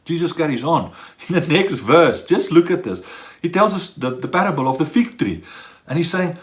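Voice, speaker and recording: A male pastor delivers a sermon in a fairly high voice. His pitch swings widely and lively, and he slips into little acted-out exchanges to make his points. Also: moderate pace. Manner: animated, acts out dialogue in quoted voices.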